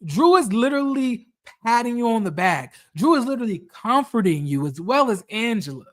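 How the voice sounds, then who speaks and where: A woman's voice: fairly high pitch, sing-song, brisk. A woman giving casual, profane reality TV commentary, blunt and repeating phrases for emphasis.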